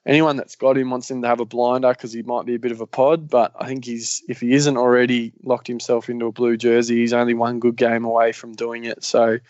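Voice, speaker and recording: Aussie guy chatting footy, lots of um and yeah, kinda monotone, dull lo-fi sound. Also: medium pitch, fairly quick, few pauses, no room sound. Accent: Australian. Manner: rambling, many ums and yeahs. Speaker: podcast host. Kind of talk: casual sports chat. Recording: slightly muffled lo-fi recording.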